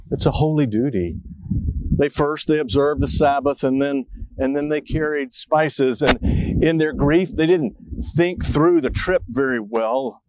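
A man's voice: mid-range voice, no room sound, rough recording. A middle-aged man preaching a reflective sermon as a pastor, telling stories. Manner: storytelling, reflective, acts out a child's voice in quotes.

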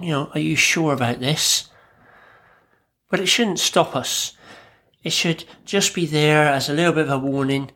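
A man, a therapist, talking calmly and reflectively on his own podcast in short, measured phrases. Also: fairly high pitch. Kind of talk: solo podcast talk.

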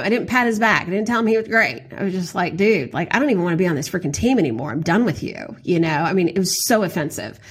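A woman hosting a podcast, telling a story in a chatty, animated way with lots of fillers. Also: medium pitch, husky. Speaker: podcast host. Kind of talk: casual storytelling monologue.

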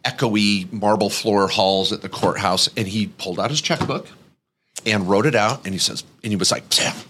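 A middle-aged man hosting a podcast, telling an anecdote in a lively way and acting out the people in it. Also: on the low side, normal speed, noisy background. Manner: lively, acts out voices in anecdotes. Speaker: podcast host. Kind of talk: animated storytelling chat.

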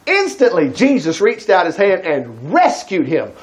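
A man's voice: sits high, a little slow. A man preaching a sermon, reading scripture and stopping to comment in a folksy, conversational way to his congregation. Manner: animated, breaks into acted quotes.

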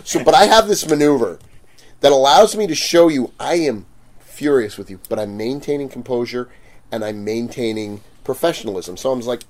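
A convention vendor, speaking casually, recounts a run-in with a customer in a mid-range voice at normal speed. He's animated, throwing himself into the quoted lines, swearing without hesitation and laughing often.

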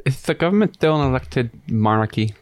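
A man playing a tabletop game, asking plain, deadpan questions in character. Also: mid-range voice, fairly quick, no echo, clean studio sound. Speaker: player. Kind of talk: casual tabletop game play.

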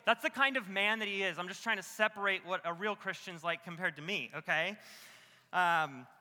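A young man preaching a sermon with comic stories, animated and self-mocking, full of casual fillers. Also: high voice, moderate pace. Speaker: pastor. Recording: long hall reverb.

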